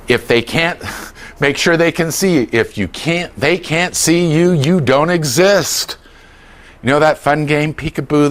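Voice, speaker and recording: An older man giving a humorous talk on dementia care to a class, joking and acting out voices of family members. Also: fairly high pitch. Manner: animated, jokey, acts out voices.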